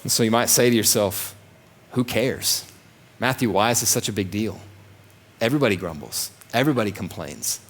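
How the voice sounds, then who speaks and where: A man delivers a church sermon in a fairly low voice. He presses his points by repeating phrases and slips into mock complaining voices to make them. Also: expressive, normal speed. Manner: emphatic, repeats phrases, acts out grumbling voices. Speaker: pastor.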